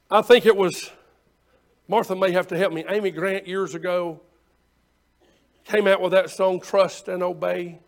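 A man's voice: sits high, steady tone, takes it slowly, long pauses. A male pastor preaching a sermon, quoting scripture in old-fashioned wording and repeating phrases for emphasis.

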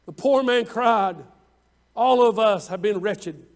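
A high-voiced man preaching a sermon. He leans hard on his words, slowing down and swelling in volume whenever he quotes scripture. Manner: preaching with drawn-out emphatic lines, rising louder on scripture quotes. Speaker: pastor.

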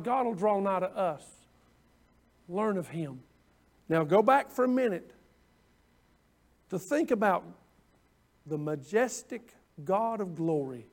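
A middle-aged man preaching a sermon as pastor, folksy and conversational, repeating his phrases as he goes. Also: sits high.

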